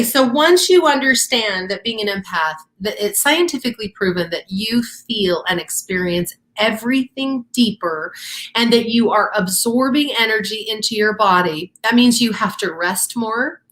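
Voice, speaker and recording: A woman's voice: medium pitch, fairly bright tone. A woman co-hosting a casual talk show, explaining ideas step by step in an earnest, encouraging way. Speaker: co-host. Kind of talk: casual teaching chat.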